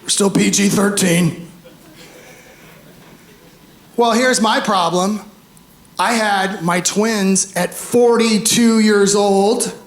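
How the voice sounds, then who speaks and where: A man in his fifties performing a stand-up comedy set on a club stage, animated, acting out voices and shouting punchlines. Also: sits high, slow, pauses often. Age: 50s. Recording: roomy live club sound with faint crowd noise. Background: audience laughter.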